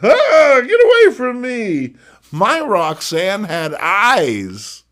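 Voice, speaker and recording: Shrieking horror-comic woman, melodramatic and high, voiced by a man. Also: extremely slow, darkish tone, full character voice. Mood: horrified. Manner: shrill, melodramatic.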